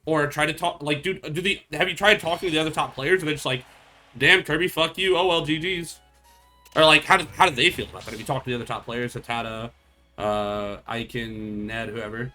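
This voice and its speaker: Young guy streamer ranting to chat, swears a lot, bright edgy voice, faint music behind. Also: medium pitch, steady tone, quick pace. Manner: blunt, profane, rambling with restarts. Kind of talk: casual stream chat with viewers.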